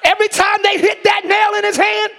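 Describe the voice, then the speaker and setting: A hoarse man preaching a shouted sermon as pastor, hollering in rhythmic repeated phrases and calling out to the congregation, recorded live in a large church. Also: very high voice, little pitch movement, fairly quick, some chatter behind. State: hoarse from screaming. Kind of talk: shouted Pentecostal-style sermon. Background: church band music.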